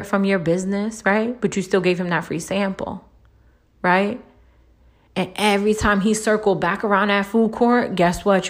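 A woman speaking at a middle pitch, delivering a blunt, profane advice monologue. She punctuates almost every sentence with a rhetorical "right?" and jumps sharply upward when she presses a point. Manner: lively, swoops up high when making a point. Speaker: relationship advice vlogger. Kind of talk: casual monologue.

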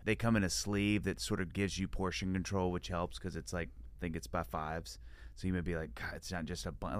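A man's voice: sits low, level tone, brisk, no room sound. A man guest on a podcast, talking in a playful, rambling way with jokey asides. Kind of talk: casual comedic chat.

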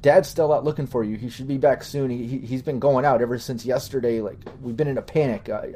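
A man voicing a rattled young farmer who stammers and rushes his words. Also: mid-range voice, fairly even intonation, warm tone, lightly acted. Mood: anxious. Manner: stammering, hurried.

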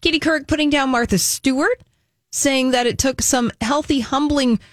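Woman co-host briskly reading celebrity news. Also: sits high, no room sound. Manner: reads news items briskly, quoting sources. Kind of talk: casual radio talk show chat.

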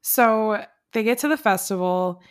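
A young adult woman co-hosting a podcast, retelling sitcom scenes in relaxed casual chat with easy laughs. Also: mid-range voice, a little slow. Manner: relaxed storytelling, laughs while recounting. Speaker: podcast co-host.

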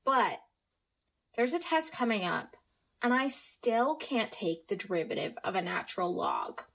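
Lively-voiced American teen girl. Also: a little high, moderate pace. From United States. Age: teens. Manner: chatty, self-mocking, full of fillers. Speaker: podcast host. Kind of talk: casual solo podcast chat.

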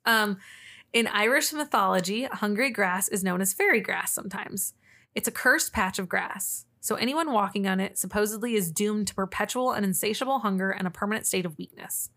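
A woman's voice: mid-range voice, fairly quick, sharp tone. A woman co-hosting a podcast, telling cryptid stories in casual chat, laughing often and restarting her sentences. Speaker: podcast co-host.

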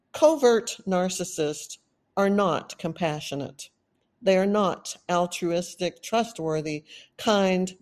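Woman with a Texan accent, podcast host, unhurried delivery, earnest and emphatic. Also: mid-range voice, darkish tone. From Texas. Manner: earnest, emphatic with lists and drawn-out stresses. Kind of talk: solo podcast talk.

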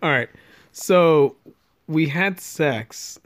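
A man's voice: on the high side, extremely slow, fairly bright tone. A young man co-hosting a podcast, talking casually and crudely, joking and laughing often. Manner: laughing, joking, loose and profane. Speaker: podcast co-host.

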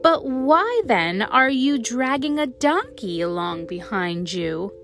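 A woman voicing a quick, mischievous younger sister who teases with feigned innocence. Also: on the high side, very animated, a bit bright, soft background music, voice pushed up, full character voice. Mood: teasing. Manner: teasing, falsely innocent.

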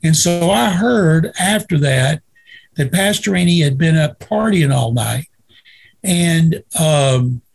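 An older man from Waco, a retired sportswriter telling lively anecdotes in a casual interview. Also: a little high, slow, creaky, husky. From Waco, Texas. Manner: lively anecdotal storyteller, acts out quoted dialogue.

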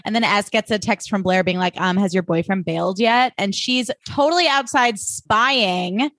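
A woman's voice: medium pitch, normal speed, fairly bright tone, no echo. A woman recaps an episode in chatty talk full of "like", with a middle voice. The sound is dry and close, with no room around it. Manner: chatty, full of likes, acts out quotes. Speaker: podcast co-host. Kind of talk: casual recap chat.

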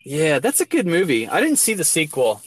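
A man's voice: a little high, huge pitch swings, moderate pace, dry recording. A young man hosting a podcast, chatting casually and crudely, laughing and swearing freely. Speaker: podcast host.

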